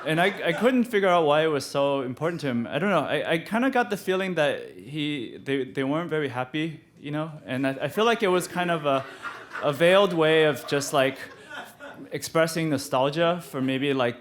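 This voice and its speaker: Halting man telling a story, laughing. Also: a little high, lively intonation. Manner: halting, many restarts, often laughing as he talks. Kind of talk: live personal storytelling.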